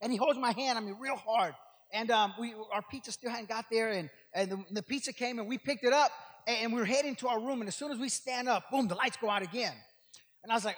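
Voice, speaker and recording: Older guy guest preaching, high bright voice, rambles then shouts, big echoey church. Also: fast, husky. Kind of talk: sermon. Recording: long hall reverb.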